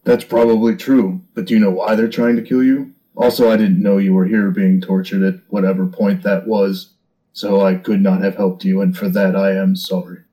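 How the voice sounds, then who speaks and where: A man playing his character in a tabletop game, talking in a steady, firm, reasoning way. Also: deep voice, moderate pace, poor audio. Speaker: player.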